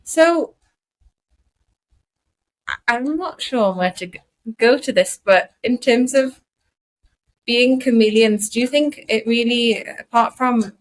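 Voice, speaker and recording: A woman's voice: on the high side, slow, long pauses, low-quality recording. A woman with a Geordie accent co-hosting a podcast, chatting casually and thinking aloud with many asides. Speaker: podcast co-host.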